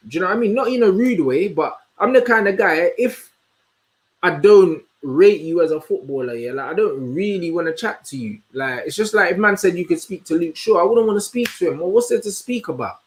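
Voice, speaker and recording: A young man, hosting a casual livestream and chatting in an animated, slangy way as he answers comments. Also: high voice. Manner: slangy, animated, answers chat with quick asides. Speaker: host.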